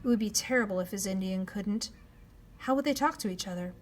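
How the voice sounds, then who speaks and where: A woman narrating a children's novel in a measured storytelling voice, dropping to a hush at times. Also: medium pitch, slight background noise. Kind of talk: reading a children's novel aloud.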